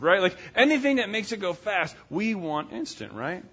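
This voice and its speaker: A man preaching a sermon, telling a folksy story in an animated way and voicing its characters. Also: high voice, moderate pace, husky. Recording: dull lo-fi sound.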